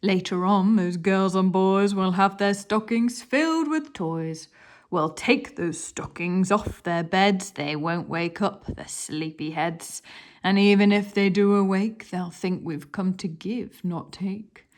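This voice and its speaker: A lanky, boastful male burglar from a picture book, put on by a woman reading aloud. He talks big in a brash voice, a little lower and louder than hers, with an altered tone. The delivery stays slow and measured. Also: close to an everyday voice.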